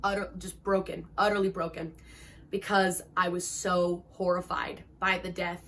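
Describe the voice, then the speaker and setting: A woman's voice: lowish voice, flat delivery, normal speed, a bit bright, a little hiss or hum. Gushing woman book vlogger. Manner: gushing and dramatic, heavy use of "like". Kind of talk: emotional book-review vlog.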